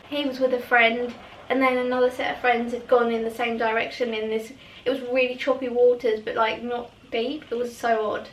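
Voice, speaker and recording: A woman's voice: on the high side, little pitch movement, brisk, reverberant, distant mic, slight background noise, rough recording. A woman telling a long story in a casual, rambling way, often laughing mid-sentence. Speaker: vlogger.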